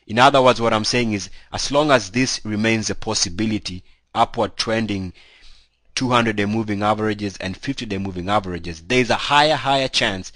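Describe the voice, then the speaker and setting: A man's voice: on the low side, moderate pace, a bit bright, no room sound. A man with a cold, hosting a casual stock market commentary and talking through charts in a loose, conversational way full of fillers. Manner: conversational, loose with many "you know" fillers. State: has a cold. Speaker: stock market analyst host.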